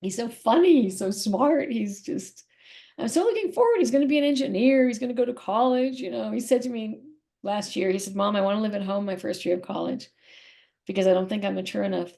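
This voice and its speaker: A woman's voice: mid-range voice, steady tone, quick pace, vocal fry, a little mellow. A middle-aged woman speaking candidly as an interview guest, emotional and rambling, often repeating herself.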